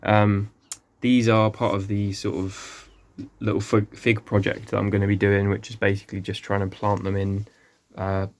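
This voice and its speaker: Male gardener, low-pitched, chatty and hesitant, casual greenhouse walk-through. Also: monotone, normal speed. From England. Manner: rambling, many ums, self-correcting. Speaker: gardening vlogger. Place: small greenhouse.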